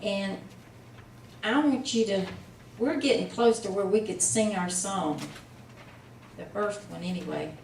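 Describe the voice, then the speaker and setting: This woman teaches a Hebrew class at a measured pace, her medium-pitched voice a little mellow. She's patient, a touch tired, and nudges students on with frequent fillers; the recording is echoey and distant, with slight hiss or hum.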